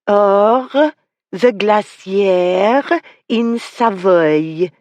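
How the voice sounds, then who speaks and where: A narrator voicing a lively young lady who puts on exaggerated mock Italian and French accents, rolling her R's and stretching words. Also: medium pitch, drawn-out words, dry recording, voice pushed up. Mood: playful. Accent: mock Italian, then mock French. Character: lively young lady mimicking foreign tourist guides.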